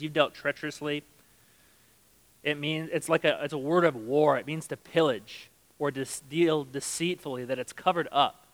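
Conversational male preacher, slightly high voice. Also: fairly bright tone, low-quality recording. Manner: conversational preaching, reads scripture aloud, dramatizes quotes. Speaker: pastor. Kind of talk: sermon.

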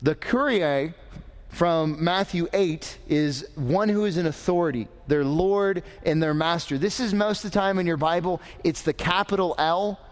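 A man's voice: fairly high pitch, measured pace. A man preaching a sermon in a conversational way, adding joking asides to his congregation. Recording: long hall reverb.

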